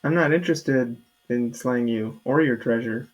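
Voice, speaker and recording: A man playing a tabletop game casually, speaking haltingly with many fillers. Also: mid-range voice, dull audio. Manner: halting, hesitant, full of fillers. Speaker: player. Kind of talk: casual tabletop role-play.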